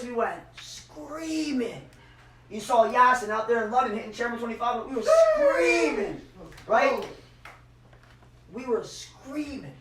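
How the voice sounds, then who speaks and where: A man giving a motivational speech and leading a guided visualization, swinging between shouted hype and hushed emotional moments. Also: sits high, reverberant, recorded from a distance, a little hiss or hum, poor audio. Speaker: motivational speaker.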